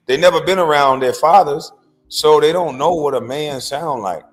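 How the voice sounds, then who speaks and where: Field: Sex: man. Role: commentary host. Style: blunt lecturing monologue, slangy informal speech, mid-range pitch. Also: moderate pace, faint music behind.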